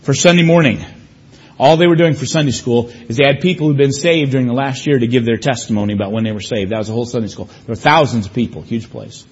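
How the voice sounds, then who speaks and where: Husky-voiced male preacher telling stories. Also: medium pitch, fast, darkish tone, highs cut off. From United States. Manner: storytelling preacher, emphatic, varied pace. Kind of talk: sermon with personal stories.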